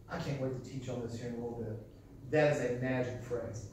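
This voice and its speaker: A man teaching a live sales seminar in a folksy, animated way, repeating his key phrases. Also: mid-range voice, brisk, a little hiss or hum. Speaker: sales trainer. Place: large echoey hall. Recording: echoey hall, voice from far off.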